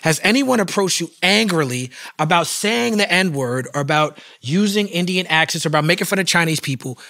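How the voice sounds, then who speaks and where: A man hosting a podcast, asking measured questions in a casual interview, with many short affirmations. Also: fairly high pitch, animated, bright, forceful tone, no echo, studio quality. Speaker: podcast host.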